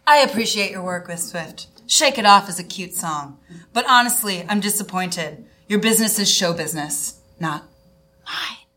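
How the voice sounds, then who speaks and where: A woman reading aloud as a short, scheming villainess who smuggles gems, smirking and dripping with fake sweetness. Her tone is bright and piercing, and her voice sits a little high. There is a menacing edge under the sugar. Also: lively intonation, slow pace, full character voice. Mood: sugary.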